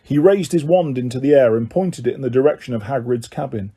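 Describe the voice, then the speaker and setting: A man narrating an audiobook in a steady storytelling manner. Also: medium pitch, fairly quick, husky. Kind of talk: scripted narration.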